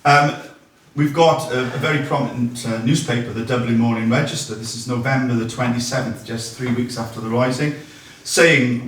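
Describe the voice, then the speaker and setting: Heard from afar in a big, strongly reverberant hall, a man presents local history to a public audience. His medium-pitched delivery moves at a moderate pace, relaxed but dotted with ums and false starts, and now and then he reads out quotes.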